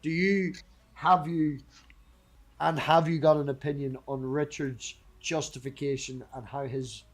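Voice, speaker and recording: A man's voice: fairly high pitch, fairly even intonation, unhurried. A man hosting a livestream, chatting casually in a blunt, sweary way. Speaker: stream host.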